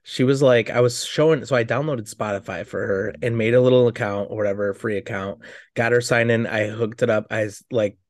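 A man's voice: fairly low pitch, steady tone, brisk, no echo, studio quality. A young man from upstate New York co-hosting a casual podcast, laid-back and chuckling, with lots of fillers. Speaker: podcast co-host. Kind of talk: casual chat.

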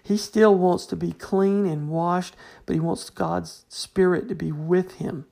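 A woman's voice: on the low side, fairly even intonation, a little slow, creaky, dark tone. A woman giving an informal Bible study talk, conversational and full of restarts. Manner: conversational, fills with "you know", restarts often. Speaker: Bible teacher.

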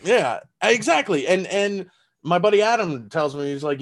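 Higher-pitched Southern-accented man, laughing a lot. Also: normal speed. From Texas. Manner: animated, laughs often, loose with fillers and profanity. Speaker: stand-up comedian guest. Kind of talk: casual podcast chat.

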